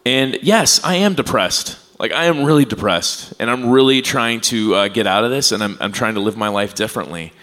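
A man's voice: mid-range voice, expressive, fairly quick, few pauses, pushed and bright. A man co-hosting a podcast at a live taping, telling a personal story in a candid, rambling way. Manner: candid, rambling with fillers and restarts. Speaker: podcast co-host.

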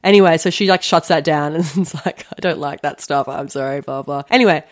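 Lively young woman telling a story on a podcast. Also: low voice, brisk. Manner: animated, lots of "like" fillers, laughs often. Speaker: podcast co-host. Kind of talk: casual storytelling chat.

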